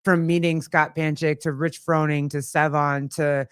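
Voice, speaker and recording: Smooth-voiced excitable woman. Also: sits low, normal speed, no echo, studio quality. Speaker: podcast co-host. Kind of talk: casual chat.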